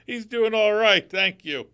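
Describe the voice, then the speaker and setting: A man's voice: sits high, sharp tone, smooth, lo-fi sound. A man hosting a call-in radio show, giving plain-spoken, conversational legal advice. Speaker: lawyer and radio host.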